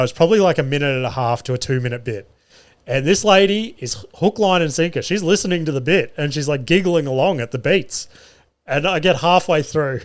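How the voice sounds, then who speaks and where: Australian male comic, solo podcast host, casual storyteller with a foul mouth and a self-deprecating streak. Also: mid-range voice. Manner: chatty, swears freely, self-mocking. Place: podcast studio.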